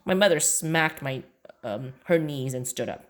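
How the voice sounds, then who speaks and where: A woman's voice: deep voice, measured pace. A woman reading a children's chapter book aloud in a plain storytelling delivery. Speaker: reader.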